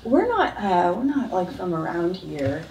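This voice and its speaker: A hesitant, giggly woman chats at a tabletop game, her higher voice swooping widely. She speaks slowly and trails off often. The sound is roomy and distant. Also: big pitch swings, a crowd in the background. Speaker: player. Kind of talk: casual tabletop game chat.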